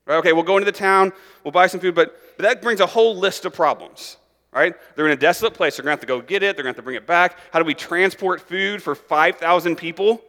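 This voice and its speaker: A man preaching a sermon in a casual, conversational way, peppering it with "like" and "right?" and acting out characters in an animated voice. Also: fast, long reverb tail. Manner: animated, acts out the disciples' voices in a higher, louder pitch; conversational, many "like" and "right?" asides. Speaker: pastor.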